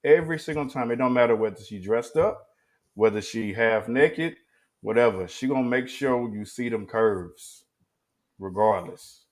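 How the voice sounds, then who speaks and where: A man's voice: medium pitch, moderate pace. A man in a casual podcast chat, speaking bluntly and emphatically in slang.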